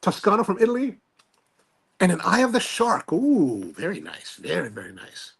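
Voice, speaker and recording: A man's voice: high-pitched, huge pitch swings, normal speed, vocal fry, fairly bright tone, breathy edge. A man hosting a live stream, rambling casually and self-deprecatingly while reading viewer comments aloud. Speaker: livestream host.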